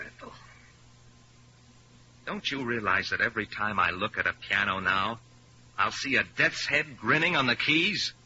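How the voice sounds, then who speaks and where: Bitter young pianist, sarcastic, lively pitch, vintage radio drama. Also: male voice, a little hiss or hum. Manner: scornful and sarcastic. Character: bitter young male pianist rejecting his career. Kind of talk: 1950s radio acting. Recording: lo-fi old radio recording.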